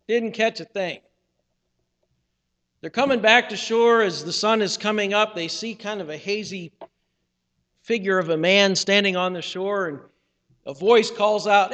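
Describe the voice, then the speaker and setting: A man's voice: sits high, a little slow, pauses often, a bit bright. A male pastor preaching a sermon in an earnest, conversational storytelling manner, acting out the people he quotes. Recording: reverberant church sanctuary.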